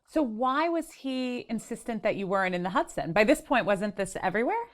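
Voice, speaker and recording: A woman hosting an interview, encouraging her guest with quick affirmations and asking follow-up questions. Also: a little high, animated. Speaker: podcast host.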